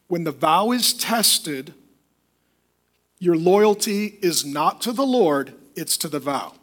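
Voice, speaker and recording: A man with a high-pitched voice delivers a sermon as pastor. He preaches with emphasis and slips into quoted voices to make his points. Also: lively intonation, slow pace, a bit bright.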